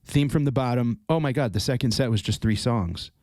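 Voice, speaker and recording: Animated storytelling man, dry close sound. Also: mid-range voice, fairly quick, no echo. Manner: animated storyteller, swears freely. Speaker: podcast guest. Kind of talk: casual chat.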